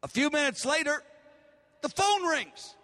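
A man's voice: extremely high pitch, sing-song, measured pace, pushed and bright. An older man preaching a sermon, telling a story with emotion and acting out the dialogue in a large hall. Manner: emotional, dramatic retelling with acted-out dialogue. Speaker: pastor. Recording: long reverb of a large hall.

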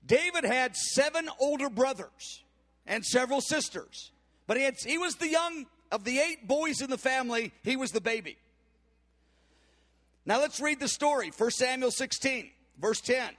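A man delivers a sermon in a strikingly high voice, retelling a Bible story with animated energy. He slips into the voices of the characters as he goes. His voice carries a long reverb, as if filling a large church hall. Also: normal speed. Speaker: preacher.

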